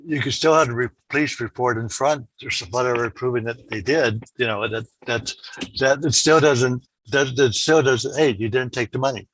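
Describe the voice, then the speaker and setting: A man's voice: medium pitch, a bit bright, poor audio. A man joining a workshop discussion, stopping and restarting as he works out his point. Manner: halting, restarts mid-thought. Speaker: workshop participant. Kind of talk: discussion comment.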